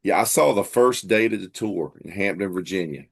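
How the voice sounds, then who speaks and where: Relaxed lower-voiced man chatting. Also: moderate pace, gravelly. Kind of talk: casual chat.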